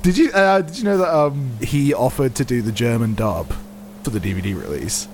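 A man's voice: medium pitch, moderate pace, a little hiss or hum. A man co-hosting a comedy podcast, reading from a book and chatting, often breaking into giggles. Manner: giggly, excitable reader. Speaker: podcast co-host. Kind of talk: casual comedic chat.

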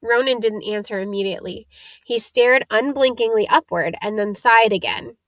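Female storybook narrator, raised pitch, dry studio read. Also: normal speed, no room sound. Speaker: audiobook narrator.

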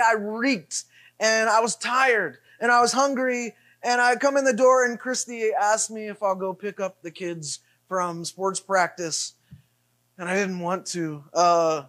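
Animated man telling a sermon story. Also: very high-pitched. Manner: animated, self-deprecating anecdote with repeated refrains. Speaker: pastor.

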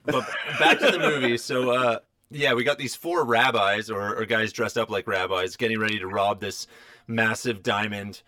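A man's voice: lowish voice, moderate pace, sharp tone. A man co-hosting a podcast, chatting casually and rambling with lots of fillers. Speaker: podcast co-host.

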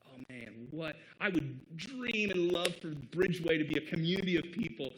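A man from the American Midwest delivers a sermon in a conversational, earnest way. His voice sits a little high for a man. He drives his points home with emphatic rhetorical questions. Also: expressive, normal speed, noisy background. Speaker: pastor.

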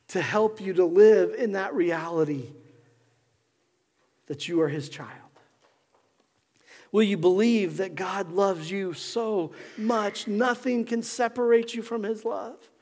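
A man preaching a sermon as pastor, moving between hushed, slow passages and loud, fiery ones. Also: sits high. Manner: impassioned preacher, swings from hushed to shouting. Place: church sanctuary. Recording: long hall reverb.

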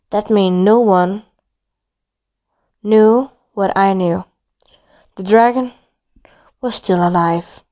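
A woman's voice: mid-range voice, darkish tone. A woman reading a first-person story aloud, stumbling and restarting now and then. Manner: reads with frequent slips and restarts.

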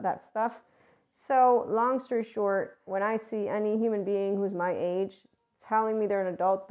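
A woman's voice: fairly low pitch, a little mellow. A woman who reads tarot, talking casually to her viewers in a blunt, sarcastic way, swearing freely and rambling with laughing asides. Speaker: spiritual tarot reader. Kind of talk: casual monologue to camera.

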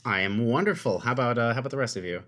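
A man's voice: rapid-fire, lightly acted. A man voicing a peppy, chipper female halfling governess in a tabletop game. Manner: bright, high, sing-song.

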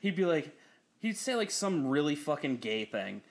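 A man's voice: on the high side, normal speed. A young man telling a story in casual chat, swearing freely and laughing often, his voice jumping up when he quotes people. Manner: profane storytelling, laughs often, animated when quoting others.

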